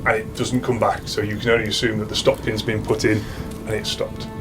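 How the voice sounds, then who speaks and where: A man's voice: on the low side, little pitch movement, over music. British man running a tabletop game. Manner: casual, halting, lots of restarts and fillers. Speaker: dungeon master.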